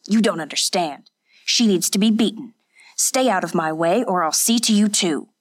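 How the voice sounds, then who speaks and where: A woman voicing a drunken, brutish old male fisherman in an audiobook, with slurred, loud speech. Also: mid-range voice, normal speed, lightly acted. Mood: drunken rage. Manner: loud, shouting threats.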